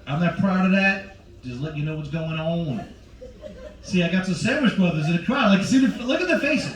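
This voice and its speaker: A man's voice: high voice, expressive, brisk, distant mic. Brash man doing stand-up in roomy lounge. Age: 40s. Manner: brash, teasing, talks to the crowd. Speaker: stand-up comedian. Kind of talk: stand-up comedy with crowd work. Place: cruise ship show lounge with live audience.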